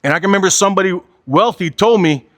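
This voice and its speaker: A man's voice: high voice, fast talker, fairly bright tone, dry recording. Blunt, profane man in his forties. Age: 40s. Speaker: motivational speaker. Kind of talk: candid motivational talk.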